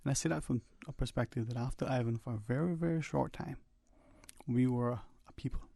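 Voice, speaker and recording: A man hosting a call-in radio talk show from the Cayman Islands, speaking in a measured, reflective way and choosing his words carefully. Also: mid-range voice, vocal fry, mellow, no echo. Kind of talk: casual radio chat.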